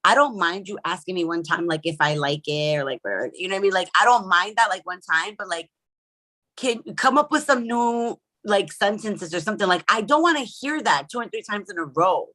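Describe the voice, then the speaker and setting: Woman, casual podcast chat, bright tense voice, loud, exclamatory, laughing. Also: medium pitch, lively intonation, a little fast. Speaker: podcast co-host.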